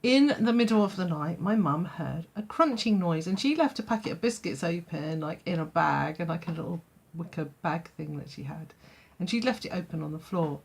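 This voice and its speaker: A woman's voice: fairly low pitch, expressive, moderate pace, gravelly, hardly any pauses, husky. A woman telling a childhood story in a vlog, chatty, full of fillers and laughing often. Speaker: vlogger.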